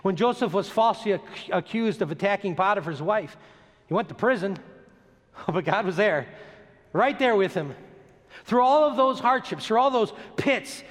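A man preaching a sermon, dropping his voice low on slow, emphatic lists and rising sharply as he presses each point. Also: animated. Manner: dramatic rises and drops, slow emphatic lists. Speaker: pastor. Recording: long hall reverb.

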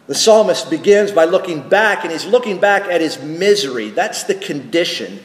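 A man, a pastor, preaching a sermon slowly and deliberately, with rhetorical questions and small restarts. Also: on the high side, lively intonation. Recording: echoey church hall with long reverb.

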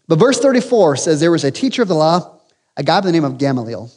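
A man's voice: fairly high pitch, sing-song, fast talker, husky, in a large hall. A man preaching a sermon as pastor, emphatic with rhetorical questions and humorous asides. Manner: emphatic, rising to loud peaks with rhetorical questions.

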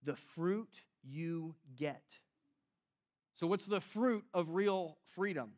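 A man preaching a sermon in an animated, conversational way, acting out the quotes he cites. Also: a little high, takes it slowly, highs cut off. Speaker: pastor.

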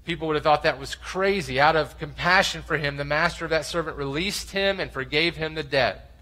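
This pastor has a fairly high voice and talks a little fast, with a bright, forceful tone. He preaches passionately, reading scripture aloud and performing the voices in it. The recording quality is poor.

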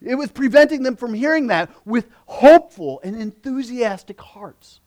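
A male pastor preaching a sermon, moving between emphatic passages and hushed asides. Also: very high-pitched, animated, moderate pace.

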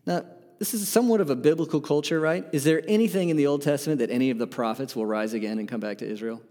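A male pastor delivers an earnest sermon, pressing his listeners with repeated questions. His voice sits a little high for a man. A long hall reverb trails behind his words. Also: quick pace, dark tone. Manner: earnest, emphatic preaching with rhetorical questions.

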